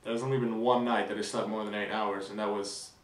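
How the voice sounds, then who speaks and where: A young man vlogging a casual weekend recap, rambling with fillers and restarts, excited. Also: lowish voice, fairly quick, echoey room, recorded from a distance, rough recording.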